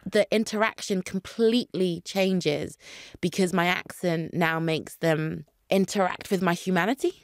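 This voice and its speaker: A woman's voice: on the low side, unhurried, no echo, studio quality. A woman with a British accent who grew up in the UK, talking earnestly and reflectively as a guest on a podcast interview. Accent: British English. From Nigeria, grew up in the UK. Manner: earnest, reflective, animated when indignant. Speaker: actor guest.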